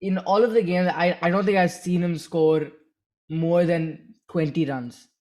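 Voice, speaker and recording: A man co-hosting a podcast in casual chat, halting with many restarts and fillers. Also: high-pitched, fairly even intonation, a little mellow. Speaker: podcast co-host.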